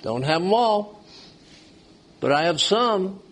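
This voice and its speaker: A man's voice: sits high, lively intonation, slow, a bit bright. A man preaching a sermon, asking the congregation questions as he goes. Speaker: pastor.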